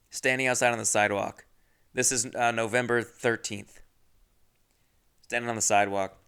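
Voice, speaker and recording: A man's voice: mid-range voice, bright, forceful tone, smooth. A man hosting a podcast who tells a rambling, profane, self-mocking comic story. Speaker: podcast host.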